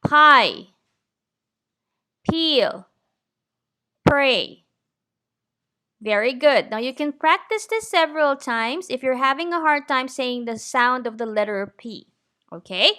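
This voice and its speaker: A woman teaching English pronunciation in a slow, clear lesson. She is patient, often checks in with "okay?" and drills words slowly and deliberately. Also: sits high, animated, bright, forceful tone.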